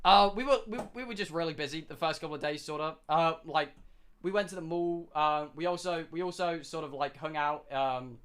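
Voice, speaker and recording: A man's voice: on the high side, brisk, fairly bright tone, clear, resonant tone. Rambling British guy telling stories. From United Kingdom. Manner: rambling, swears a lot, many restarts. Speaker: streamer. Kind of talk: casual storytelling on a livestream.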